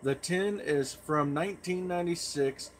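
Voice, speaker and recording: A man's voice: a little high, a little slow, slight background noise. A man chatting in a folksy, rambling way as a pipe tobacco vlogger. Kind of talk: casual rambling vlog.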